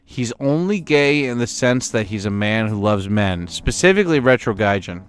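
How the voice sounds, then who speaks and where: A man's voice: medium pitch, expressive, normal speed, clean tone, soft background music. A young man, a game streamer, chatting crudely and rambling with his chat while playing. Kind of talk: casual livestream gaming commentary.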